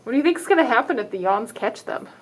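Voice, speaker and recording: Lively high-voiced woman reading to kids. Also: fast talker. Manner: expressive, dramatic exclamations, asks children questions. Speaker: children's librarian. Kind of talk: reading a picture book aloud to children.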